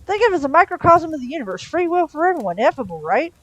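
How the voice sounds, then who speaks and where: Sardonic male demon, pitched high and exasperated, read by a woman. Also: big pitch swings, no room sound, dull audio. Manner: rapid, exasperated outbursts.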